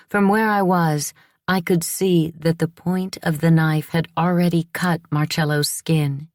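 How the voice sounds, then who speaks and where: A woman reads a first-person audiobook in a measured, reflective way. Her voice sits low for a woman, and the recording is dry and close with no room sound. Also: a little mellow, no room sound. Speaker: audiobook narrator. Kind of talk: scripted first-person narration.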